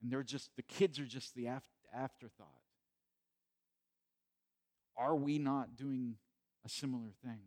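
A man's voice: mid-range voice, steady tone, unhurried, long pauses, a little mellow. Male pastor preaching in church, conversational, stumbles over words, builds to emphatic peaks. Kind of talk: sermon.

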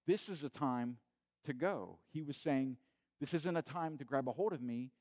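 A man preaching a sermon in a conversational way, retelling the scene with animated asides. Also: mid-range voice, normal speed. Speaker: pastor.

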